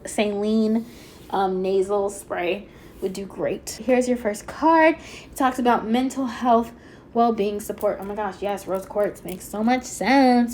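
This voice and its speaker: Woman tarot reader, fairly high voice, excitable chatty delivery, slightly stuffy nose, faint background noise. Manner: chatty, excitable, fast-talking with many fillers. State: a little stuffy-nosed. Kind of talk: pick-a-card tarot reading.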